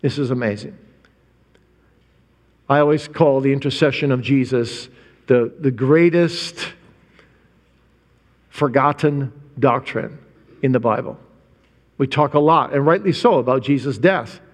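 A man preaching a sermon, emphatic, with rhetorical questions and stressed, drawn-out words. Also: mid-range voice. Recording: long hall reverb.

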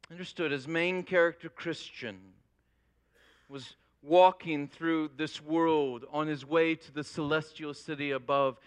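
A man delivers a sermon, his voice pitched high and ringing clean and smooth. He tells his story in an animated way, leaning hard into the key phrases. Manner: animated storytelling with rising emphasis. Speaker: pastor.

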